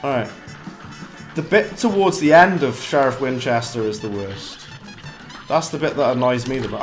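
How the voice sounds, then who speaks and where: A British man giving chatty live commentary while streaming a game, mocking himself and breaking into quick bursts of frustration. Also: medium pitch, lively intonation, faint music behind.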